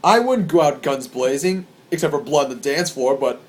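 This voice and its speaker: Young male vlogger with a slightly high voice. Rambles through crowd stories, swears freely and gets excited. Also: normal speed. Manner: excitable, profane, rambling with restarts. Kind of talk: casual storytelling to camera.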